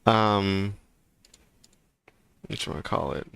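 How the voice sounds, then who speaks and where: A man's voice: lowish voice, takes it slowly, vocal fry, a bit bright, smooth. A man chatting casually on a livestream, rambling and ranting with lots of fillers. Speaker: streamer.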